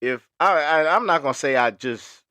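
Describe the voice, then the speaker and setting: A young adult man co-hosting a podcast in casual chat, telling stories, often laughing and jumping up high to quote other people. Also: moderate pace, no room sound. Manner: animated storyteller, acts out high-pitched quotes, laughs often. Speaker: podcast co-host.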